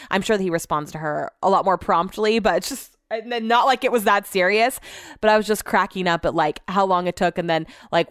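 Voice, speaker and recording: A woman's voice: medium pitch, clear, resonant tone, dry recording, clean studio sound. A woman in her thirties hosting a solo podcast, chatty and rambling, swearing freely and filling her talk with "like", feeling emotional. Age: 30s. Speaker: podcast host. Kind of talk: casual solo podcast chat.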